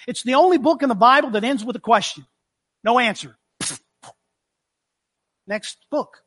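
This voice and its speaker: A man's voice: high voice, expressive, moderate pace, fairly bright tone. A man preaching a sermon in a conversational way, acting out the scripture as he reads it. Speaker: pastor.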